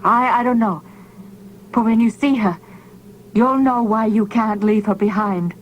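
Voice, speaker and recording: Frantic pleading man, read by a woman for an audiobook, high strained shouts. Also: a little slow, a little hiss or hum, close to an everyday voice, rough recording. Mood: desperate.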